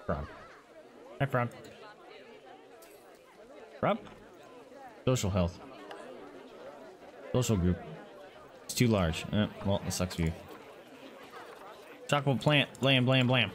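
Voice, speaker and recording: A gaming channel host with a medium-pitched, expressive voice comments on his own zoo game playthrough, gushing over the animals in baby talk and muttering to himself in the menus. He speaks slowly with long pauses, and a faint crowd can be heard.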